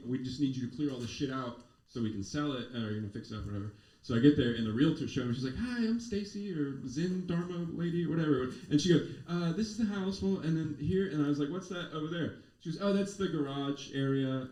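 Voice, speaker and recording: A man doing stand-up comedy, telling a story in a loose, rambling way with swearing and quick acted-out quotes, on a club stage. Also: mid-range voice. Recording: roomy live club sound from off-mic, crowd laughter.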